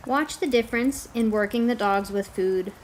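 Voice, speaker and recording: Woman trainer narrating a lesson, calm and explanatory, a touch high-pitched. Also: normal speed, slight background noise. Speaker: dog trainer. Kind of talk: instructional voice-over narration.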